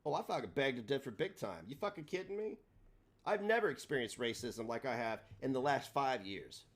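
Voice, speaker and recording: A man hosting a livestream, ranting in a combative, profane way, his delivery swinging between loud and soft. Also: mid-range voice, lively intonation, fairly quick. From United States. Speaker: livestream host.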